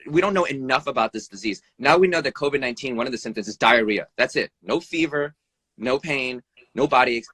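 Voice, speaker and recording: A man who works as an emergency room doctor, talking bluntly over a live video stream, swearing freely, his pitch jumping up and down, and tagging "right?" onto his points. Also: breathy edge, no room sound. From United States. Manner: animated, pitch jumps up and down. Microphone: phone or video call mic.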